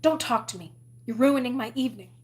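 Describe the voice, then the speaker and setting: A woman's voice: fairly high pitch, a little fast, lightly acted. A woman reading aloud, voicing a prissy, snobbish young girl student who is haughty and flustered. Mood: stern.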